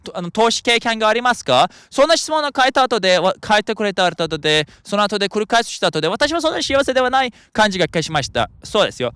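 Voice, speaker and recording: Bright, halting man musing on philosophy. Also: high voice, big pitch swings, smooth, no room sound. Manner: halting, rambling, frequent restarts; speaks English as a second language. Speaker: podcast host. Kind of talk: philosophical monologue.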